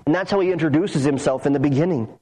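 Male pastor, high voice, earnest emphatic sermon delivery with deliberate pauses. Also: dark tone, low-quality recording.

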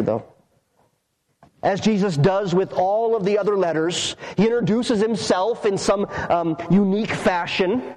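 Male pastor, high voice, earnest emphatic sermon delivery with deliberate pauses. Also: a little mellow, poor audio.

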